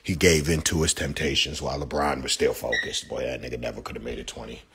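A man's voice: a bass voice, flat delivery, quick pace, background noise. A young man ranting profanely on a phone live stream about basketball, heated and mocking.

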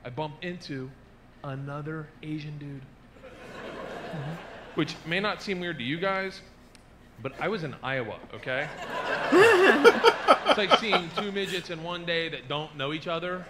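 A man doing a stand-up routine, swinging from low confiding asides to loud shouted bursts, recorded live with an audience laughing. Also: lively intonation, unhurried, pauses often, heavy background noise. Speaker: stand-up comedian.

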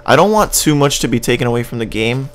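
Man, Canadian accent, casual gameplay commentary, rambling, joking, hums along, mid pitch. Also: animated, fast, fairly bright tone, a little hiss or hum. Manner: rambling and joking, hums and scats tunes while playing. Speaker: gaming channel host.

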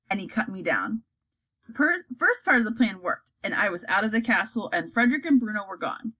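A woman reading a children's fantasy story aloud, acting out the characters in a lively way. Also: mid-range voice, fairly quick, slightly rough, poor audio. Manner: acts out characters, lively delivery. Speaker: audiobook reader.

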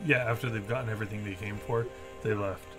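A man's voice: lowish voice, fairly even intonation, fast talker. A man streaming a video game, chatting casually in rambling explanations full of fillers. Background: game music.

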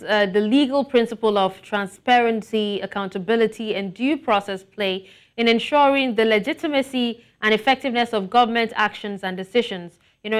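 A woman anchoring a news program, putting questions to a guest and reading the report in a brisk, formal way. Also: a little high. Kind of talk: news presenting and interviewing.

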